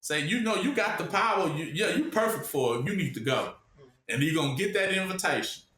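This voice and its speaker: A man preaching in a loose, informal way, with a bright, sharp tone. He keeps stopping on "what?" so listeners can finish his sentences. The sound is roomy and echoing. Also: high voice, expressive, fairly quick. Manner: asks the audience to fill in the word with "what?".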